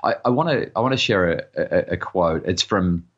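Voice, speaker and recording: A husky, low-voiced middle-aged man speaks earnestly as a parenting expert on a podcast. He stumbles and repeats a word or two as each thought begins. The recording is dull and lo-fi. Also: lively intonation, normal speed, fairly bright tone. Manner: earnest, repeats words when starting sentences. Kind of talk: podcast interview.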